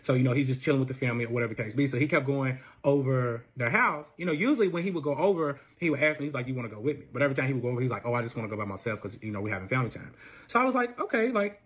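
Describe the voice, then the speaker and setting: A man's voice: mid-range voice, racing, hardly any pauses, breathy edge. A young man telling a personal story in casual storytime style, swearing often and acting out quotes in a raised voice. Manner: profane, animated, acts out quotes in a raised voice. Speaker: storyteller guest.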